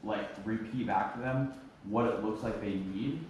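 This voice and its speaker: A man's voice: fairly low pitch, moderate pace, a little hiss or hum. A man coaching his sales team in a meeting, repeating his points with emphasis. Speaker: sales trainer. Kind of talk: team training talk. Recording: echoey room from far off.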